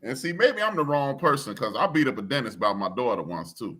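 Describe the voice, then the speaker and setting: A man with a Chicago accent, a podcast co-host telling a story in a slangy, blunt, animated way. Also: mid-range voice, fast. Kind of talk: casual chat, storytelling.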